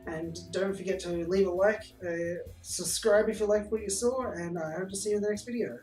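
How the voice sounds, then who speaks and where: A man's voice: high voice, a little fast, a little mellow, roomy sound, soft background music, low-quality recording. A man chatting and joking as he plays a game and hosts his video series. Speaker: game streamer. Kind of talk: let's play commentary.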